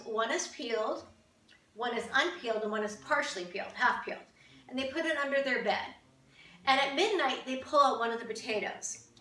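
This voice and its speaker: A woman's voice: fairly high pitch, bright, forceful tone, roomy sound, recorded from a distance, a little hiss or hum, low-quality recording. A woman from Canada chatting casually to camera as a vlogger, with wry, amused asides.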